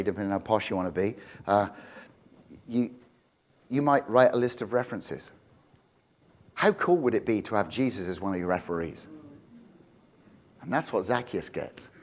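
A man preaching a sermon as pastor. He gets loud and high on emphasis, drops low and quiet for stories, and restarts his words often. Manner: animated, loud and rising on emphasis, with many restarts.

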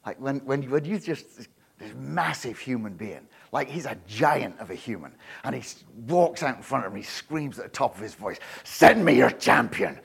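A male preacher giving an animated, jokey sermon, often laughing and checking in with the crowd with quick rhetorical questions. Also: mid-range voice, vocal fry, husky. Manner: animated, asks the crowd frequent "right?" questions.

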